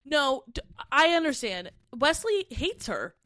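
Reactive woman with a higher voice. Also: very animated, a bit bright, dry recording. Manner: reactive, laughing, fast fragmented asides. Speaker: book club podcast co-host. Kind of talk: casual chat.

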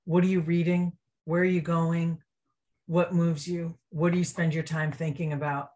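A woman's voice: fairly low pitch, flat delivery, normal speed, warm tone. A woman guest on an interview podcast, a restaurant consultant, talking earnestly and with enthusiasm in casual chat.

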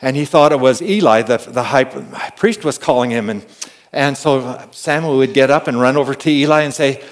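A man preaching a conversational sermon. He moves between hushed asides and loud, emphatic calls, often adding an amen and repeating words as he tells stories. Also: medium pitch, normal speed. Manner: repeats and restarts words while storytelling. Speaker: pastor.

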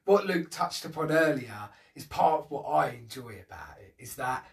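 A man in relaxed podcast conversation who weighs his words. He sits a little back from the microphone, so he sounds somewhat distant. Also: mid-range voice, normal speed, creaky. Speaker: podcast co-host. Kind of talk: casual film review chat.

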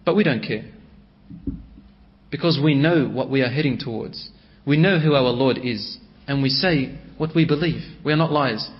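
A man preaching a sermon in storytelling style, swinging between raised and hushed delivery. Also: medium pitch, moderate pace. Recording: dull lo-fi recording.

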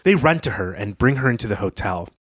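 A man's voice: medium pitch, animated, fast, dry recording, clean studio sound. A man co-hosting a book podcast, recapping and discussing a story in a conversational way. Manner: conversational, with fillers and occasional laughs.

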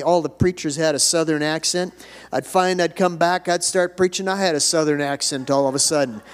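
An older man preaching a sermon, folksy and conversational, then building to emphatic declarations. His voice sits somewhat high. The reverb of a church hall trails after each line. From United States. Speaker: pastor. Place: church sanctuary.

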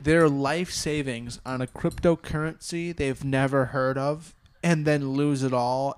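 A man's voice: a little high, a little mellow, dry recording. A young man hosting a casual podcast with friends, rambling and joking. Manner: joking, rambling, laughs often. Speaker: podcast host. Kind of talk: casual chat.

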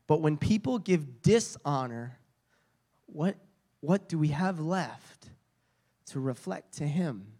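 A man's voice: on the high side, lively intonation, slow, long pauses, mellow, slightly rough. A man preaching a sermon, telling stories with frequent restarts and repeated words.

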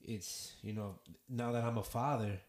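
A man's voice: medium pitch, fairly even intonation, unhurried, a little mellow. A man, a father, telling a story as a guest in a casual round-table talk, earnest and full of "you know". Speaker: podcast guest. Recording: roomy echo.

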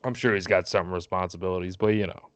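A man's voice: low-pitched, fairly even intonation, fast, no echo. A man co-hosting a podcast, chatting casually about baseball, laid-back and jokey, often laughing. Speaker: podcast co-host. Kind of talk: casual chat.

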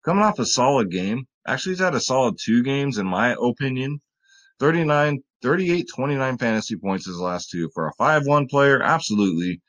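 A man's voice: mid-range voice, expressive, fairly quick, fairly bright tone. A man with a mid-range voice talks through his fantasy basketball picks in a loose, rambling way. He cracks jokes and keeps calling his viewers guys. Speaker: fantasy sports vlogger. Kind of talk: casual sports betting picks talk.

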